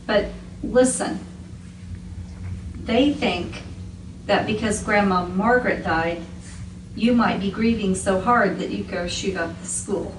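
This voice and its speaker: A middle-aged mother earnestly questioning her son on a home recording, often talking over him. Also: medium pitch. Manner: earnest, probing, talks over others. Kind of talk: family conversation on a home recording. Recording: echoey room, far from the mic, noisy.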